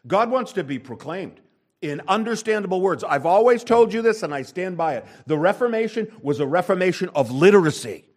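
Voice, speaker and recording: A pastor delivers a sermon with emphatic energy, his lively voice moving fairly quickly. His pitch and loudness swing widely, and he throws rhetorical questions at the congregation.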